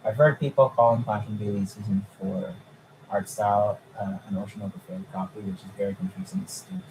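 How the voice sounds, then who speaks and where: A young man chatting casually on a live stream, excitable and incredulous, swearing freely. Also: lowish voice, fairly quick, a little hiss or hum, poor audio.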